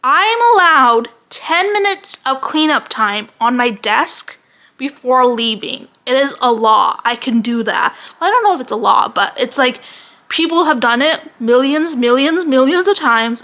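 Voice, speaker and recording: High, bright-voiced woman ranting casually. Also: moderate pace. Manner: animated, heavy use of "like", swearing. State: out of breath. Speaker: vlogger.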